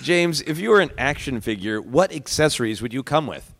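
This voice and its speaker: A male podcast host chatting with his guests in a playful, easygoing way. He laughs often and drops quick asides. His voice sits at a middle pitch. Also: animated, fairly bright tone, slight background noise. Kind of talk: casual chat.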